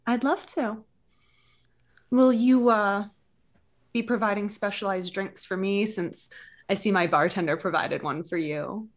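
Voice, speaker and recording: A woman's voice: medium pitch, measured pace. Playful, teasing woman in role-play. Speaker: player. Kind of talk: in-character tabletop role-play.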